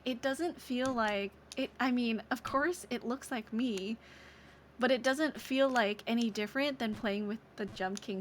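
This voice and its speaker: A young adult woman streamer chatting casually over a game, soft-spoken and gushing. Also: fairly high pitch, a little hiss or hum.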